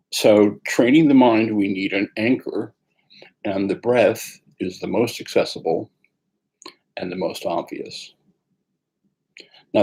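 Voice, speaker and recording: Guy with a low husky voice leading a meditation, slow and calm, lots of pauses. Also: low-quality recording. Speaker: meditation teacher. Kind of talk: guided meditation talk.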